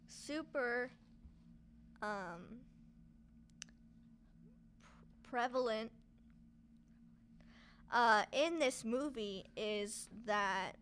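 A woman's voice: fairly high pitch, a bit bright, smooth. A young woman casually discussing a movie, hesitant with many fillers.

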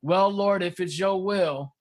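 A man in a casual Bible discussion, reading scripture slowly and acting out the dialogue with animation. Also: high-pitched. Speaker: podcast co-host teaching scripture.

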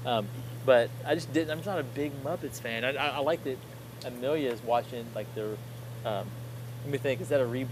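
A man's voice: mid-range voice, brisk, background noise. A man in his thirties, co-hosting a casual chat, rambling and correcting himself as he goes. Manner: rambling, self-correcting, upbeat.

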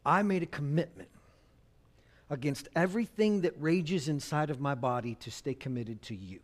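Dynamic preacher with swinging volume. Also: male voice, a little high, moderate pace. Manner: dynamic, swings from loud emphasis to hushed intimate tones. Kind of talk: sermon on marriage.

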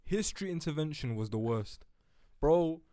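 A young man, casually recounting school memories in a relaxed, drawn-out way. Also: a little high, no echo. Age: young adult. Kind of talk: casual chat.

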